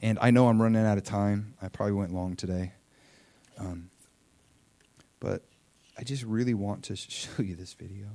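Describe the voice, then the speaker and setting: A man preaching a sermon, telling a story with lively swings between loud, high bursts and quiet, low asides, and acting out the quotes. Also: moderate pace, pauses often, no echo. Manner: animated storytelling, acting out quotes with big swings in pitch and loudness. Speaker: pastor.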